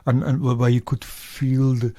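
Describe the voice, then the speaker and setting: A man co-hosting a radio show from the studio, thinking aloud in halting, rambling bursts that loop back on their own words. His tone is soft and mellow. The sound is close and dry, with no room around it. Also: mid-range voice, little pitch movement, no room sound. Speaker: radio co-host reviewing music releases. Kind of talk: casual studio chat.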